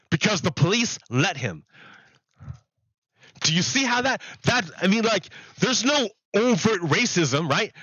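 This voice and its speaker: A man with a high, bright voice tells a story to his stream viewers, rambling and circling back over the same points. The mic sounds close and dry, with a slightly dull, lo-fi edge. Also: breathy edge, no room sound. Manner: rambling, repeats himself, laughs at the absurdity. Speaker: livestreamer.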